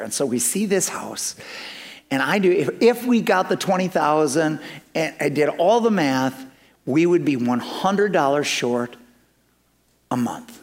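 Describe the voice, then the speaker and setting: A man's voice: fairly high pitch, measured pace. A man preaching in a church, telling a personal story with humor and acting out the dialogue. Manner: animated, acts out dialogue with humor. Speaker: pastor. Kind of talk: sermon storytelling.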